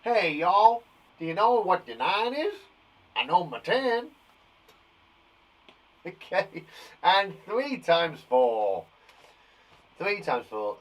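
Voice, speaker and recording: A man's voice: high voice, sing-song, takes it slowly, long pauses. A middle-aged man teaching times tables to young children in a playful, jokey, encouraging way. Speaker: primary school teacher. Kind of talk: live online lesson for young children. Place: garden shed. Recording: voice a bit far from the mic.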